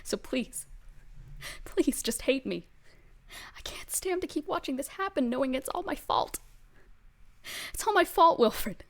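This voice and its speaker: A woman's voice: high voice, very animated, a little slow, long pauses, pitched above the performer's own voice, heavily acted. A woman voicing a grieving male ghost who pleads through tears, often dropping into a whisper. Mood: pleading. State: crying. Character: grieving male ghost, guilt-ridden and protective.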